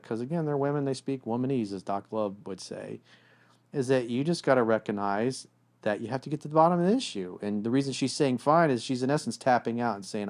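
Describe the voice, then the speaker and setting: A man talks through relationship advice with a co-host, blunt and casual, and he swears freely. He keeps slipping into quick imitations of a couple arguing. His voice sits at an ordinary middle pitch. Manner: blunt, animated, acts out quoted voices. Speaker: relationship coach.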